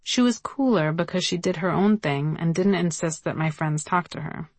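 A woman's voice: fairly low pitch, moderate pace, no room sound. A woman reading her own memoir aloud in a wry, conversational way. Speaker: memoir narrator.

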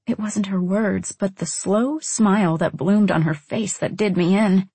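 A woman's voice: mid-range voice, fairly even intonation, unhurried, mellow, slightly rough, dry recording. A woman narrating a first-person novel in a wry, introspective manner. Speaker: audiobook narrator.

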